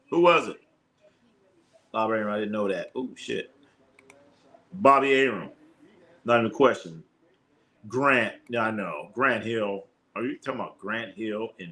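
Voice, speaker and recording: A man's voice: mid-range voice, a bit bright. A man hosting a live sports stream, reading viewer comments aloud and riffing on them with loose, profane jokes. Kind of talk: casual livestream chat reading viewer comments.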